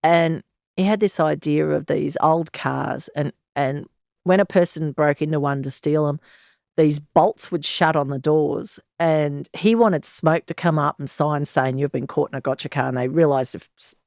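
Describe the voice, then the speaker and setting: A woman's voice: deep voice, a little slow, creaky, a little mellow, no room sound, clean studio sound. An Australian woman in her sixties, a former detective, telling her story frankly and bluntly in an interview. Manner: frank, blunt, earthy, with sighs and laughs. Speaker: former police detective, guest.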